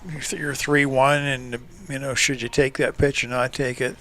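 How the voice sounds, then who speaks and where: A man, a former coach, giving relaxed color commentary on radio, telling stories and chuckling often. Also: medium pitch, normal speed. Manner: chatty storyteller, chuckles often.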